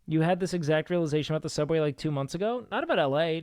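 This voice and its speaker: Young guy streaming, rambles + swears a lot, kinda high smooth voice, dry close mic. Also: expressive, rapid-fire, hardly any pauses, a little mellow, no echo. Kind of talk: casual stream chat.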